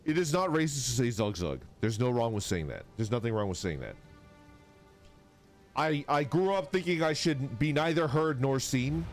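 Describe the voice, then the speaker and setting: Lively casual male streamer. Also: medium pitch, moderate pace, faint music behind. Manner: lively, swearing, reads chat aloud. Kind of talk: casual live-stream chat.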